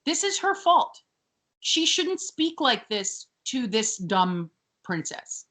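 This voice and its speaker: A woman co-hosting a casual podcast, recapping scenes with sarcasm and mimicking characters. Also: slow pace. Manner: animated, sarcastic, mimics characters in high shrill bursts. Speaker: podcast co-host.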